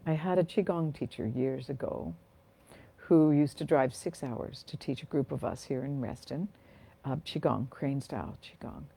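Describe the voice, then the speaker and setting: A woman hosting a guided meditation, giving gentle, unhurried guidance. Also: very deep voice, gravelly, husky. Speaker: meditation host.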